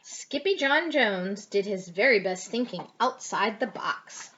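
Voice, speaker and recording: An older woman reads a storybook aloud to a child, her voice swinging through lively ups and downs. The recording is dull and lo-fi, like a home recording. Her reading is warmly expressive and rhythmic. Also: medium pitch, a little slow. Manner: expressive, sing-song. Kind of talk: reading a picture book aloud.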